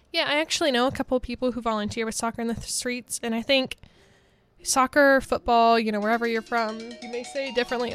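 A young woman in her twenties from Georgia, chatting casually as a college radio DJ in a studio, bubbly and quick to laugh. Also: fairly high pitch, fairly even intonation, fairly bright tone. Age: 20s.

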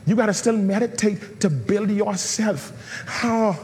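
A man's voice: high-pitched, a little slow, darkish tone, big-room sound, slight background noise. A man preaching a sermon as pastor, calling on the congregation and breaking into a chanting, sung delivery. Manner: preaching with call-and-response, swinging into a sung chant.

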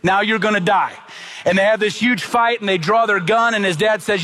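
A man's voice: high-pitched, fairly quick, bright, forceful tone. A middle-aged man preaching a sermon as pastor, earnest and emphatic, asking the congregation rhetorical questions.

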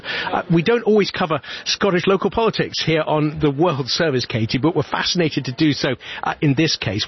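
A man presenting a live radio news programme, talking with guests in a relaxed, conversational way. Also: medium pitch. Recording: muffled broadcast with faint noise.

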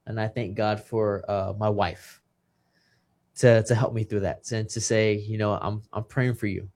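A man's voice: on the low side, level tone, measured pace, a little mellow. A man, a retired boxer, telling a personal story in an earnest, emotional way and quoting the people in it. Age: 30s. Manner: emotional, earnest, quotes others' words. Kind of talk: personal storytelling in casual chat.

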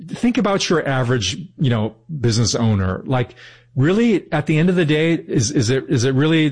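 A man's voice: mid-range voice, a little mellow. Man, interview guest, thoughtful, earnest, restarts sentences. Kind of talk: earnest conversational explanation.

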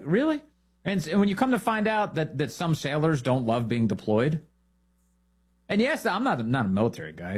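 Animated sarcastic male talk host. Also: medium pitch, slightly rough. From United States. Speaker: political talk show host. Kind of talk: opinionated commentary.

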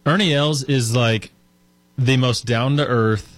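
A man co-hosting a sports radio show, telling a story in a chatty, animated way with lots of fillers. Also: medium pitch, takes it slowly, no room sound. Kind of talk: casual sports talk.

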